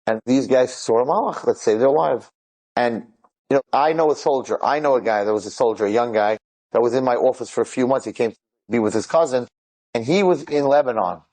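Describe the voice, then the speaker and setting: Telling dramatic stories to a crowd, this man performs every line of dialogue with animation and keeps interrupting himself with asides. His voice is mid-range, and the audio is poor.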